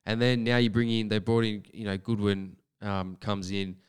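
Resonant, lowish-voiced football pundit man. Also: level tone, clean tone. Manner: measured, thoughtful, with "um" fillers and restarts. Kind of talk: sports talk radio analysis.

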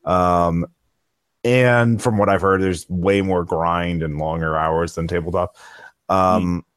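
A man's voice: low-pitched, steady tone, slow pace, clean tone, dry recording, clean studio sound. A man chatting casually as a podcast guest, rambling with many restarts and fillers. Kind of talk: casual chat.

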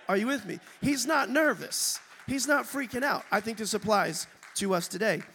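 Gravelly high-voiced male preacher. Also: fairly bright tone. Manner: emphatic, calls out to the congregation for amens. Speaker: pastor. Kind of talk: sermon. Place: church sanctuary. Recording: long reverb of a church hall.

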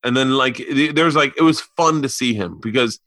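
A man's voice: mid-range voice, moderate pace, no echo, studio quality. A man in his forties hosting a podcast, telling stories in casual chat and acting out other people's voices. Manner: animated storyteller who acts out quoted voices. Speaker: podcast host.

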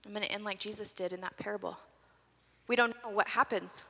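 A woman in her forties telling a sermon story dramatically, swinging from breathless excitement to hushed whispers. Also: mid-range voice, a little fast, gravelly, husky. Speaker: preacher. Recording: long reverb of a large hall.

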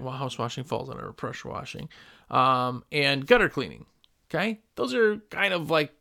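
A medium-pitched man with vocal fry and a bright, forceful tone hosts a podcast for window cleaners, using a microphone at his computer. He rambles casually while giving business advice and performing customer calls.

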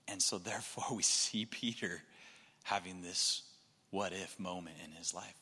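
A man preaching a sermon, dropping to a hushed low voice and then rising to loud, emphatic lines. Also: unhurried, slightly rough. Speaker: pastor. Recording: long hall reverb.

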